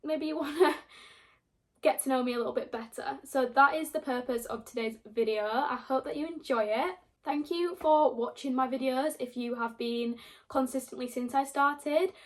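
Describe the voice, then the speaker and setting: A woman's voice: sits high, normal speed. A young woman book YouTuber chatting casually to camera, rambling a little and laughing between thoughts.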